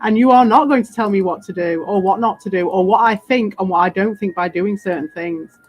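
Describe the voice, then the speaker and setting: A woman's voice: medium pitch, a little fast. A British woman in a casual, rambling monologue, swearing freely, laughing often and sounding defiant. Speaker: crypto streamer.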